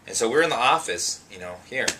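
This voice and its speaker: A young adult man, a pastor and singer, chatting in an interview and telling his story in an animated way, with many ums and you-knows. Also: medium pitch, quick pace, noisy background.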